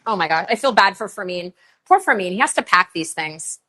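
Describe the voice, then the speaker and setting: A middle-aged woman hosting a live online shopping show, chatting in a bubbly, gushing way and running quick countdowns between items. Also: medium pitch, lively intonation, bright, forceful tone.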